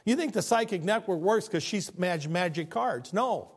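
A man preaching a sermon as pastor, in a lively, conversational way, acting out the people he quotes. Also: high voice, moderate pace, husky. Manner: animated, conversational preaching that acts out quoted figures.

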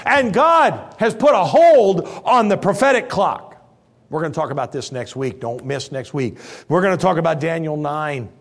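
Animated preacher man, lively high pitch. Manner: animated storytelling, swings from loud to hushed. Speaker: pastor. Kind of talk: sermon.

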